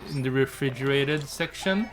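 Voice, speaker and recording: Co-streamer, mid pitch, relaxed rambling, faint game music. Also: moderate pace. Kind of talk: casual chat.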